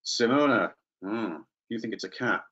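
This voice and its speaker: A man's voice: on the low side, moderate pace, fairly bright tone. Playful chatty guy running a teacher webinar, kinda dull lo-fi computer mic. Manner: playful, chatty, addresses participants by name. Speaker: teacher trainer. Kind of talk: live online teaching webinar.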